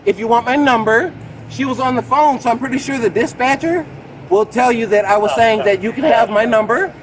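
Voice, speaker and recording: An excitable man in his late thirties rambles to a police officer outdoors by a road, saying "bro" over and over in an extremely high pitch at a slightly fast pace. The body-camera recording is rough, with crowd noise behind him.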